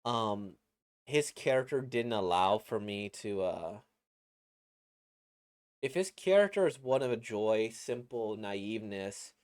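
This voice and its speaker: A man's voice: on the low side, no echo. A man casually reacting to a webcomic he reads, rambling and reflective, with many fillers and restarts.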